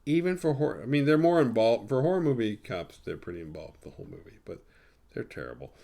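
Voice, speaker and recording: A man's voice: medium pitch, very animated, fast talker, creaky, mellow. Podcast host, man, casual profane movie recap, sarcastic asides, rambles.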